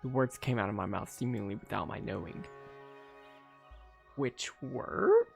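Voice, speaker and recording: Creaky man reading a game aloud. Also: fairly low pitch, soft background music. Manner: narrates steadily, breaks off with quick asides. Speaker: streamer. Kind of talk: reading a visual novel aloud with commentary.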